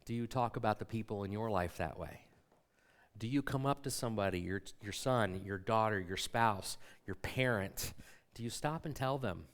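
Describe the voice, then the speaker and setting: A man's voice: fairly low pitch, moderate pace. A middle-aged man preaching a sermon as a pastor in a church, conversational and full of rhetorical questions to the congregation. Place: church sanctuary.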